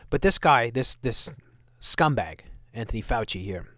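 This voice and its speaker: A man's voice: mid-range voice, normal speed, fairly bright tone, dry recording, clean studio sound. A man hosting his own channel, giving sarcastic, scornful commentary on news clips. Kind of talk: ranting video commentary.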